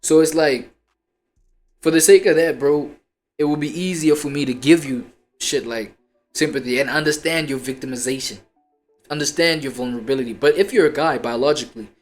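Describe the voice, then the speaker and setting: A man's voice: on the high side, fairly quick, soft background music. A man streamer in casual chat, rambling in heavy slang.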